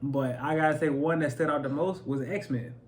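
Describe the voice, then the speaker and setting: A man's voice: fairly high pitch, fairly even intonation, normal speed. A man co-hosting a casual comedy chat, playful and emphatic, laughing easily. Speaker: podcast co-host.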